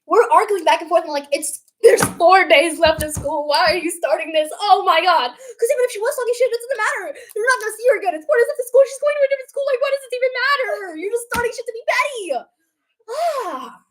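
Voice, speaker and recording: Animated young teen girl telling a story. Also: very high-pitched, quick pace. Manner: animated, swears freely, acts out quotes. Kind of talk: casual storytime chat.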